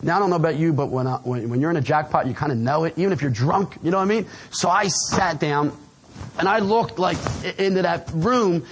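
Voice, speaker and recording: A man with a strong New Jersey accent shares his story from the podium at a recovery meeting. His voice sits high, and he talks in a lively, streetwise way, full of "man" and "you know what I mean". A faint hum of the room hangs behind him. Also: fairly quick. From New Jersey, USA. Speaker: AA speaker. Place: meeting room before a live audience.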